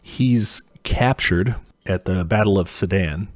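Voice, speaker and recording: A young man co-hosting a podcast, telling history in a loose, profane way and putting on quick mock voices for the people in it. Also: low voice. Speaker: podcast co-host. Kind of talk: casual history chat.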